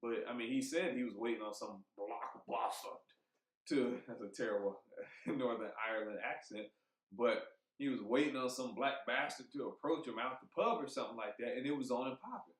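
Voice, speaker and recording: A man co-hosting a podcast, talking in a heated, emphatic way, swearing freely and thinking out loud with restarts. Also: mid-range voice. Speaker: podcast co-host. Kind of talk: casual podcast chat. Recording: roomy echo.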